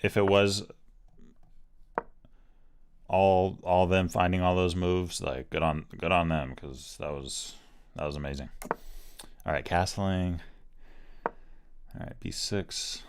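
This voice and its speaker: Very deep-voiced man talking through a chess game. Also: steady tone, takes it slowly, pauses often, smooth. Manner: thinking aloud, hesitant, defensive. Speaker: chess streamer. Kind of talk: casual live commentary while playing.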